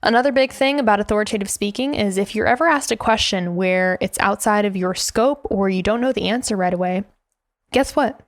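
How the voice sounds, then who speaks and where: A woman's voice: medium pitch, a little fast, dry recording, studio quality. A woman hosting a business coaching podcast, talking directly and emphatically and laughing now and then as she teaches. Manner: direct and emphatic, laughs often, demonstrates tone by example. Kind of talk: instructional podcast talk.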